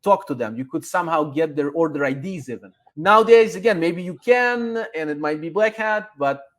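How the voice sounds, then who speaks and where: High-pitched man explaining animatedly. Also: moderate pace. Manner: animated, acts out sample customer emails; frequent restarts and hesitations. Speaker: podcast guest, online seller coach. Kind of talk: casual webinar explanation.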